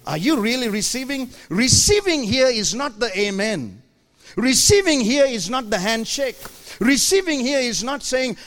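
A pastor preaching a sermon in a church, animated and playful, acting out his congregation's voices and teasing the crowd. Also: very high voice, normal speed.

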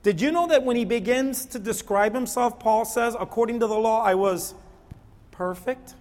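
A man with a very high voice preaching a sermon. His delivery keeps swinging between hushed low murmurs and loud, insistent stretches, and the sound rings with long reverb as if in a large church hall. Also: normal speed. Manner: animated, swings from low murmurs to near-shouting. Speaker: pastor.

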